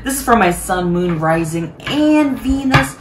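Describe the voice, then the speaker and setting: A woman's voice: a little high, expressive, unhurried. Bubbly woman chatting through a tarot reading, kinda echoey room w faint hiss. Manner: bubbly, chatty, laughs often. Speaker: tarot reader.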